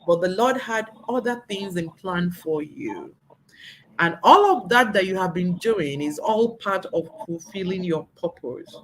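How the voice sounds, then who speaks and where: A woman hosting an interview show, effusive and animated, laughing often as she talks. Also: lowish voice, a little slow, slight background noise, poor audio. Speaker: talk show host.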